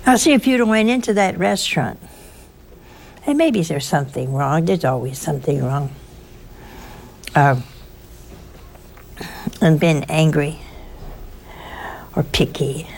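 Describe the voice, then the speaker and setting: A woman's voice: low-pitched, expressive, a little slow, pauses often, darkish tone, slight background noise. A woman giving an informal sermon, telling chatty, teasing stories with a folksy touch. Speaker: religious speaker.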